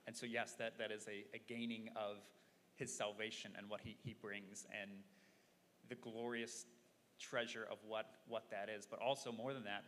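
Earnest preacher guy, lowish voice, stumbles over words, echoey hall. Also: a bit bright. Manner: earnest, repeats words while thinking. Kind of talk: sermon. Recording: long hall reverb, faint noise.

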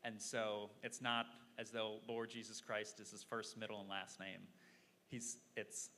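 Male preacher, bright forceful tone, earnest and halting, long hall reverb with faint hiss. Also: on the low side, level tone. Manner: earnest, repeats words while thinking. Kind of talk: sermon.

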